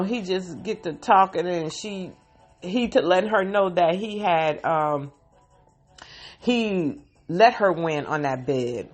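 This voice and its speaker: A woman casually recapping a TV episode into a phone, with sighs and heartfelt emotion. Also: lowish voice. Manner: emotional, sighing, heartfelt retelling.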